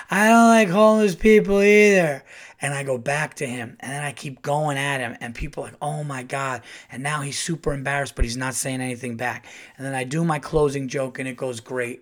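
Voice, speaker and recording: A middle-aged man telling a casual, animated story as a comedian hosting his podcast. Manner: animated, acts out quotes in a louder higher voice.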